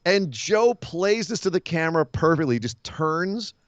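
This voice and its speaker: A man co-hosting a casual wrestling podcast, telling stories in an animated way and acting out quotes. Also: a little high, moderate pace, dry recording, lo-fi sound. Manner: animated storyteller, acts out quotes. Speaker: podcast co-host. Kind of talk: casual wrestling recap chat.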